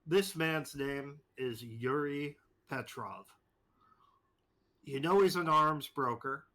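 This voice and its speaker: Bright-voiced male game master. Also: a little high, slow pace. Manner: casual, loose, swears freely. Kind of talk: narrating a tabletop game over a voice call.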